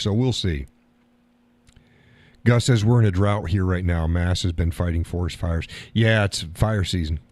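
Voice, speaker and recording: A man's voice: on the low side, darkish tone, no echo. A man hosting a live stream, chatting casually and reading comments from his chat, swearing easily and laughing often.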